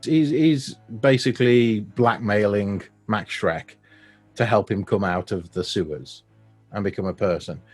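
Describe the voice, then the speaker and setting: A man's voice: on the low side, measured pace, darkish tone. Man, casual film chat, dry wry recap, faint music behind. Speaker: podcast co-host.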